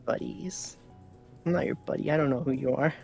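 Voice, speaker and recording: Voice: medium pitch, steady tone, very fast, vocal fry, mellow, soft background music, natural voice. A player voicing a nerdy, standoffish young woman friend with a nasal voice. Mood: prickly.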